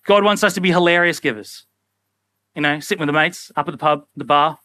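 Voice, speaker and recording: A young man preaching a sermon in a casual, animated way, often acting out little everyday scenes. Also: on the high side, fairly quick, dry recording. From Australia. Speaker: pastor.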